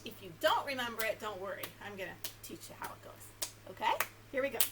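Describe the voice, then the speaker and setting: Bright, animated woman leading children's story time. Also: on the high side, quick pace, heavy background noise. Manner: animated, singsong, leads rhymes and movement games. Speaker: children's librarian.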